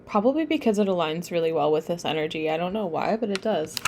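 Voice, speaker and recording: A woman's voice: fairly low pitch, lively intonation, quick pace, darkish tone, slight background noise. A young woman teaching tarot on a live stream, chatting with viewers, often laughing and getting sidetracked. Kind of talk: casual live-stream lesson.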